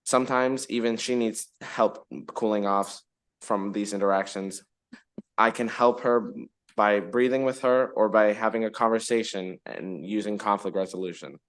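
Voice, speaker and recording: A man's voice: lowish voice, moderate pace. A fourteen-year-old boy reading prepared testimony to a legislative committee, with careful reading and small restarts. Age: teens. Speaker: student witness.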